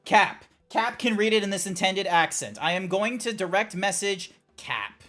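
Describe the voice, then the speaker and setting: A man streaming a video game, chatting casually with an animated, playful manner and exasperated little outbursts. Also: high voice, normal speed. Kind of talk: casual gameplay stream chat. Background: faint chill background music.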